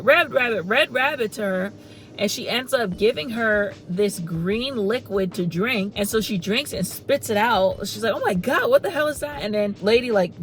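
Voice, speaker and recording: A woman in her thirties gives a rambling, chatty spoken movie review, leaning heavily on "like" and "you know" as she tells it like a story. Her voice is mid-range and the recording is rough.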